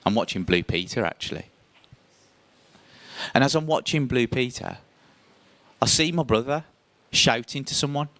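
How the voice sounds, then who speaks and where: A man telling a first-person story on stage, lively and theatrical, his voice rising sharply when he acts out tense moments. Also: mid-range voice, normal speed, long pauses. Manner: animated, voice jumps up when acting out scenes.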